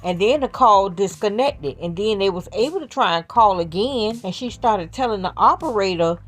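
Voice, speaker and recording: A woman's voice: mid-range voice, expressive, moderate pace, faint music behind, low-quality recording. A woman giving casual, slangy celebrity-news commentary, talking straight to her viewers.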